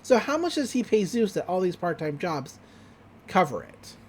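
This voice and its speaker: A podcast host recapping a cartoon episode in a chatty, casual way, laughing often. The voice swings widely in pitch and drops into quick asides. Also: sing-song, slightly rough.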